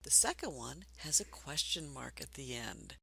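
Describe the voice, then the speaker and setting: A woman teaching a basic reading lesson for adults, patient and encouraging, speaking slowly and clearly. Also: a bass voice, expressive, bright, forceful tone.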